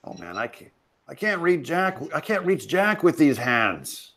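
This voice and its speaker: A man's voice: on the high side, sing-song, a little slow, a bit bright, voice pushed down, full character voice. A man voicing a clumsy cursed male T-Rex with tiny arms, in an improvised comic bit with mock-sorrowful whining. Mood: mock-lament.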